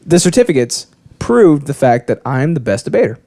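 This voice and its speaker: Young male podcast co-host; cocky, jokey, mellow voice with lots of swing. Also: a little high, very animated, moderate pace, a little hiss or hum. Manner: boastful, joking, laughs often. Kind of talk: casual comedic podcast banter.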